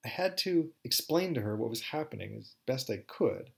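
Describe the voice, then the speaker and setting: A man's voice: medium pitch, sing-song, moderate pace, creaky. A man telling a first-person story aloud in a wry, candid, conversational way.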